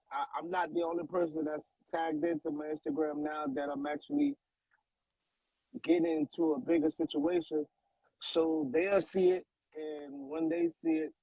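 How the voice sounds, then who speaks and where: A man's voice: high-pitched, creaky, dark tone, slightly rough, no room sound, poor audio. A man, a guest artist on a radio show, talking in a laid-back, slangy way and often repeating himself. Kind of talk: casual radio interview chat.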